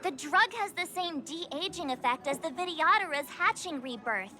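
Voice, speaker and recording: A high, bright young female voice in a video game, plays an eager sidekick who loves sharing stories. Her tone is sharp and lively, with faint game music underneath. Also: normal speed.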